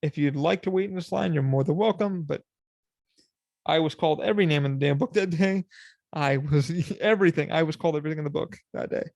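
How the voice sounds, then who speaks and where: A young man hosting a podcast in casual solo chat, rambling and profane, laughing and quoting people in animated voices. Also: fairly high pitch, fairly quick, vocal fry, no room sound. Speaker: podcast host.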